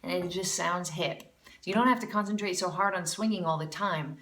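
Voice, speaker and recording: Bright-voiced woman jazz vocal teacher. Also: on the low side, a little fast, roomy sound, recorded from a distance, slight background noise. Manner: encouraging, demonstrates with sung scat syllables. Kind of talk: music lesson critique with scat singing demos.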